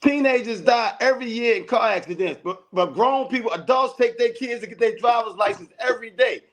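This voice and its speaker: A man's voice: extremely high pitch, fairly quick. A man with a Baltimore accent co-hosting a podcast, insistently repeating his point in a casual debate. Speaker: podcast co-host.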